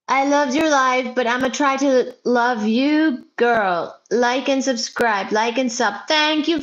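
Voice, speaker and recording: A woman with a high voice hosts a physics livestream, chatting casually and reading viewer comments loudly and playfully, sometimes nearly shouting. She wears headphones, and the audio sounds dull.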